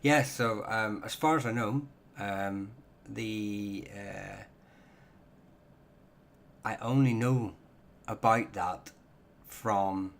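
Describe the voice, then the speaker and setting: A man with a lowish, creaky voice and drawn-out words hosts a casual live Q&A stream about surnames and heraldry, answering viewer questions on Irish surnames. He talks hesitantly, full of ums and self-corrections.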